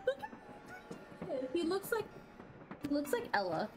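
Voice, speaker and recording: A woman's voice: high voice, huge pitch swings, moderate pace. A woman streaming a game, chatting playfully and reacting aloud as she plays. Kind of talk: let's-play commentary. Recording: game music playing underneath. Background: game music.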